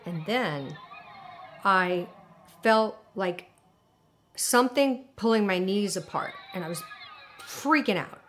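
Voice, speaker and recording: A woman's voice: medium pitch, slow pace, pauses often, fairly bright tone, slight background noise. Woman telling a vivid emotional story. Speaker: interviewee. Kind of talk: documentary interview recounting an experience.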